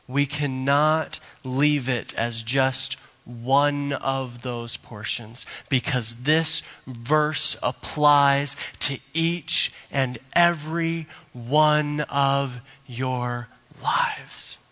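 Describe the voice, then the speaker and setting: A male pastor, preaching a sermon slowly and deliberately, building to emphatic rises. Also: mid-range voice, fairly even intonation, sharp tone. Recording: long hall reverb.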